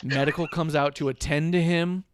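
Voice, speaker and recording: A man's voice: fairly high pitch, fairly even intonation, normal speed, slight background noise. Ranting, sarcastic man. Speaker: podcast co-host. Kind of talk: casual wrestling talk.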